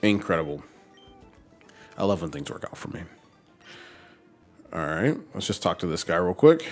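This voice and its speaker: A man's voice: low voice, sing-song, normal speed, pauses often, faint music behind. A man streaming a game, chatting casually as he plays and talking to his team and viewers. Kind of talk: casual gameplay commentary.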